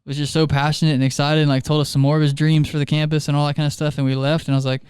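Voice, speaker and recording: Chatty man with a smooth, dry voice. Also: a little high, level tone, racing, darkish tone, dry recording. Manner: chatty storyteller, laughs often mid-sentence. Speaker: youth ministry leader. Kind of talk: casual podcast chat.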